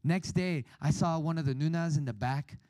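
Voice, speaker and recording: Animated man telling a retreat story. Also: on the high side, moderate pace, dry recording. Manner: animated, acts out his younger self, says "right?" often. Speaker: speaker at a youth retreat. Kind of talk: storytelling sermon.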